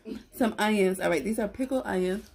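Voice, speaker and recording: A woman's voice: medium pitch, fairly quick, vocal fry, crowd noise. Slangy, giggly woman vlogging a mukbang. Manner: relaxed, slangy, giggly, talks while eating. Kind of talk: casual eating chat to camera. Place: at home, indoors. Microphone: camera close to her face.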